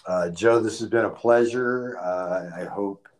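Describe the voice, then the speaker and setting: Slow, deep-voiced earnest man. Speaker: podcast co-host. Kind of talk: casual conversation.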